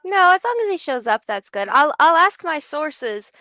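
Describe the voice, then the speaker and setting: A woman co-hosting a wrestling live stream in casual chat, slow and deadpan. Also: high voice, dry recording.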